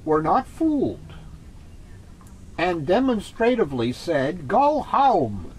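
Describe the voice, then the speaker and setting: A man co-hosting a casual political chat, who slowly reads opinion pieces aloud. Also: high voice, wildly swooping pitch, darkish tone, slight background noise, poor audio. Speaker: co-host.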